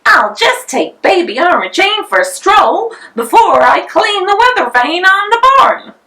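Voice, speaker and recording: Woman putting on a shrill, fussy house-proud mother. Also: big pitch swings, unhurried, bright, forceful tone, exaggerated voice. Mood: prim fussy. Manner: prim, high and shrill.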